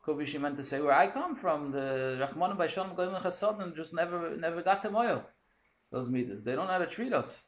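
Fast talking guy teaching a text class, bouncy voice, roomy echo. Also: fairly high pitch. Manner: animated, quick, mixing Hebrew and Yiddish terms. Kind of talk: lively text study class.

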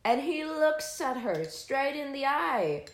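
A young woman hosting, telling a personal story casually, animated and full of fillers and swearing. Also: sits high, takes it slowly. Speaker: host. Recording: echoey room.

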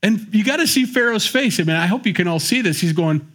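Husky man teaching the Bible playfully. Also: sits high, quick pace. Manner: animated, joking storyteller who acts out the scenes.

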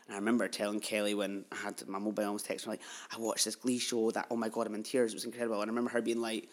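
A man's voice: fairly low pitch, little pitch movement, very fast. A man in his thirties hosting a podcast, telling a personal story in a chatty, heartfelt way, full of asides. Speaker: podcast host.

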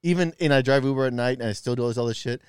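Fast-talking man with a smooth voice. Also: medium pitch, no echo, studio quality. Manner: profane, rambling, many fillers and restarts. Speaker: podcast co-host, rideshare driver. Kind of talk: casual chat.

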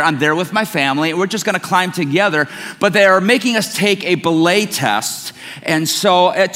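A middle-aged pastor preaches a sermon in a church sanctuary, his voice on the high side, pushed and bright. He tells stories conversationally, poking fun at himself, while the church hall adds a long reverb.

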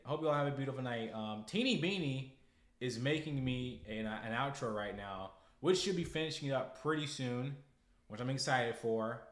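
A young man with a fairly low voice talks through a casual podcast monologue, stumbling over and repeating words as he turns preachy and heated. His voice rings around an echoey room. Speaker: podcast host.

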